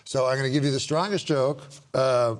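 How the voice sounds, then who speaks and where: A man's voice: mid-range voice, brisk, a little hiss or hum. A man hosting a talk show, reading joke cards to his guests in casual chat and laughing at his own jokes.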